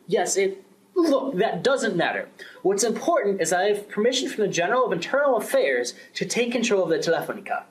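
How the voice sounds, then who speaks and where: Casting: young male student, amateur drama, voices multiple parts, slightly high voice. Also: big pitch swings, fairly quick, poor audio. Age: young adult. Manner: plays several parts, shifting pitch between characters. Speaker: student performing a class drama. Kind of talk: amateur radio-play acting.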